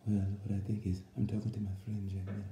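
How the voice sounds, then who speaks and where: A man doing an impression of a rambling male pit-lane reporter who talks in a low, muffled mumble. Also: monotone, quick pace, mellow, reverberant, close to an everyday voice. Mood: mumbling.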